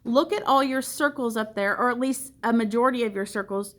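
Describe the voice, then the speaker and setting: A woman's voice: a little high, brisk, fairly bright tone. A woman art teacher leading a classroom discussion, asking questions and repeating students' answers back to them.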